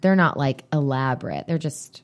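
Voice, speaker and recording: Casually chatting as a podcast co-host, this woman rambles while reading items off a list. She has an extremely low-pitched voice, sounds animated, and talks at normal speed.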